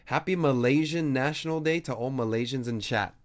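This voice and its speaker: A man streaming a game talks a little fast at medium pitch, chatting casually with frequent swearing. He's sarcastic and teasing, mock-arguing with his chat.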